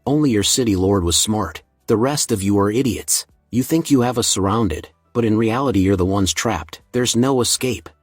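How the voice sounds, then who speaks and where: A man's voice: lowish voice, normal speed, few pauses, slightly rough, no room sound, clean studio sound, faint music behind. A man voicing a cocky, ruthless assassin who mocks his enemies in a story recap. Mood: mocking. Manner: mocking, self-assured.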